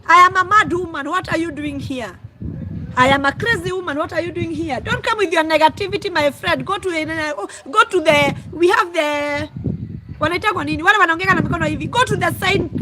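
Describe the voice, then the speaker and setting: A Kenyan woman hosting a casual live stream, talking loudly and exclaiming as she answers her viewers. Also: very high-pitched, background noise. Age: adult, mother of school-age children. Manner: loud, exclaiming, calls herself a screamer.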